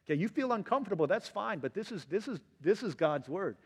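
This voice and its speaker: A middle-aged man preaching a sermon as pastor, animated and acting out quotes in different voices. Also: sits high, quick pace, slightly rough. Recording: long hall reverb.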